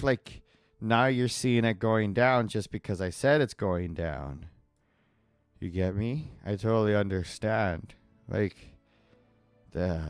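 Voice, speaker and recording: A man's voice: medium pitch, dry recording. A man live-streaming as he draws, chatting casually in a rambling, digressive way and laughing often. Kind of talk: casual chat while drawing.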